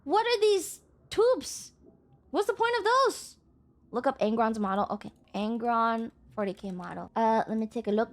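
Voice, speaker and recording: A young woman streamer with a high-pitched voice, chatting casually and swearing often. She keeps snapping back at her chat in exasperated bursts, then settles down again. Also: lively intonation, normal speed. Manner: profane, exasperated outbursts at chat.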